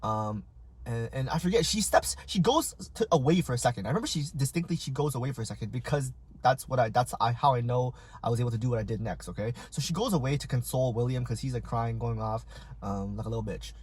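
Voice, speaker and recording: Man in his twenties, casual storyteller, husky voice, average pitch, acts out voices. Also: quick pace. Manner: animated and self-mocking, acts out voices. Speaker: vlogger. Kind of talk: casual storytelling while eating.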